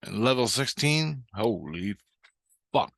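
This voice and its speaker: A man's voice: medium pitch, big pitch swings, slow, creaky, dry recording, clean studio sound. A man vlogging about his dreams in a rambling, heavily profane, casual storytelling monologue.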